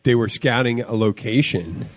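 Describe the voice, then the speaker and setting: A man's voice: medium pitch, moderate pace. A man co-hosting a casual podcast chat, rambling and trailing off with fillers. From United States. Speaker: podcast co-host.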